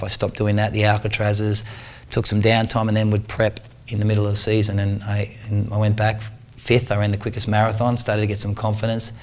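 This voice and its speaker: A man in his forties giving a talk to a club, telling a story in a lively, slangy way and acting out what people said. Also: on the low side. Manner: animated, slangy storyteller who acts out the people in his stories. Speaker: guest speaker, triathlete.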